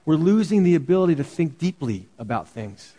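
A man's voice: a little high, sing-song, fairly quick, dark tone, big-room sound. A man preaching a sermon as pastor, earnest and full of rhetorical questions.

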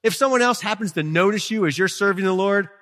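A male pastor preaching a sermon in a church, chatting with the congregation, swinging from quiet asides to emphatic peaks. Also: high-pitched, fast talker. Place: church sanctuary. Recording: long reverb of a hall.

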